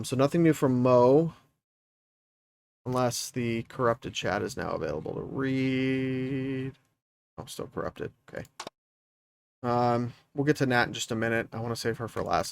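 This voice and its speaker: A man's voice: medium pitch, vocal fry, slight background noise. A man streaming a let's play, casually thinking aloud as he reads through the story. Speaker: gaming streamer.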